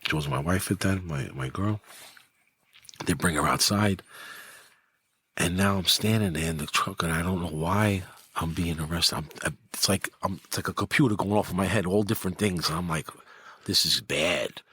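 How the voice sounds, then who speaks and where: This guest, a middle-aged former mob enforcer from New York, speaks at normal speed with a breathy edge. Telling his story casually, he grows animated and performs each quote with his pitch climbing.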